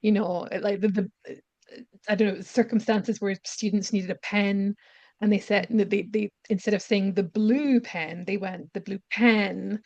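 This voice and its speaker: A woman's voice: mid-range voice, little pitch movement, measured pace, darkish tone, dry recording. A woman in a mid-range voice explains pronunciation teaching, thinking aloud with a few restarts. The sound is dry and muffled, like a lo-fi video call. She speaks in a plain, conversational way. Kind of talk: webinar discussion.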